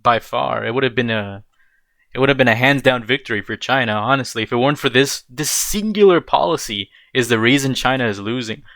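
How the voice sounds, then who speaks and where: A man's voice: mid-range voice, fairly quick, pushed and bright, dry recording. Rambling young man reacting, dry sound. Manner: rambling, blunt, says bro and dude. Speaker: reaction video host. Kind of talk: casual commentary.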